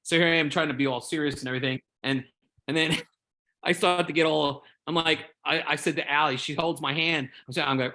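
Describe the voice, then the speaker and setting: A man with a fairly high, bright voice talks a bit quickly and with some push. He's a Jedi community member in a casual group discussion, telling a rambling, earnest, openly emotional story and often repeating words as he searches for them.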